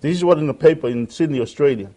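A man's voice: on the high side, quick pace, dark tone. A man preaching a sermon in an earnest way, often repeating phrases and quoting scripture.

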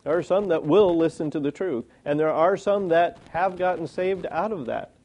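Mellow-voiced man preaching conversationally. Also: a little high, moderate pace. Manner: plain conversational preaching with rhetorical questions. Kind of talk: sermon.

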